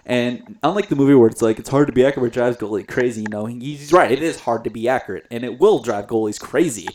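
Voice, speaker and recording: Young man, casual hockey chat, excitable, animated, laughs a lot. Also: medium pitch, quick pace. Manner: excitable, animated, laughs often, many fillers. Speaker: podcast co-host.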